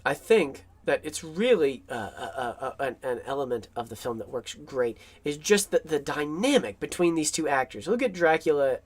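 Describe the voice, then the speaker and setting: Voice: mid-range voice, expressive, normal speed, hardly any pauses, slightly rough. A film commentator talking casually and enthusiastically, rambling with many fillers and restarts.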